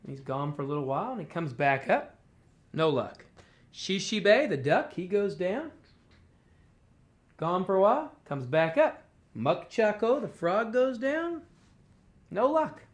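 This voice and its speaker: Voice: medium pitch, big pitch swings, a little slow, pauses often. A storyteller from a tribal language department, casually telling a traditional tale in a folksy, conversational way and acting out the characters' lines. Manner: folksy and conversational, full of "kinda" and "you know"; acts out the animals' quoted talk.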